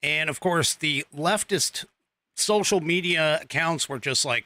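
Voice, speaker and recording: A man's voice: on the high side, a little slow, sharp tone, dry recording. A man hosting a political commentary podcast, rambling with lots of fillers and restarts and dropping sarcastic asides. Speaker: podcast host.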